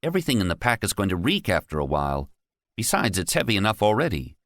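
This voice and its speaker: A man's voice: lowish voice, very animated, fast talker, no echo, studio quality, voice pushed up. A man voicing Tony, a nervous young man who is determined and urgent, in an audiobook. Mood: impatient. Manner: urgent, reasoning. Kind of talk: audiobook character voice.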